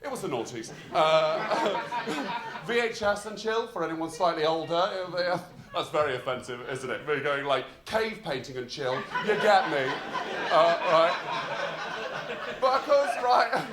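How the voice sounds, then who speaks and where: A young man from North Yorkshire with a posh, loud voice, doing a rambling, self-mocking stand-up set in a comedy club. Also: fairly high pitch, animated, a little slow, background noise. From North Yorkshire, England. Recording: roomy live club sound with crowd.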